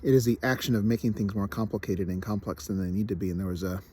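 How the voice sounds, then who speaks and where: Low-voiced man, candid and halting. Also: warm tone, breathy edge. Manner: candid, self-deprecating, with frequent restarts and repetitions. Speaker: vlogger. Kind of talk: reflective personal vlog.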